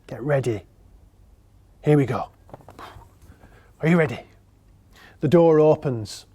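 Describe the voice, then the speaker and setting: A man delivers a solo theatre monologue with a wry, sardonic edge, talking straight to his audience. His voice sits fairly high but sounds mellow and warm. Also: takes it slowly, husky. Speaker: writer and performer.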